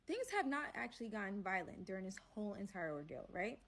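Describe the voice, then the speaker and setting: A woman hosting a casual storytime, acting out the people in her story with slangy, animated banter. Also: mid-range voice, quick pace, background noise. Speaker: storyteller host.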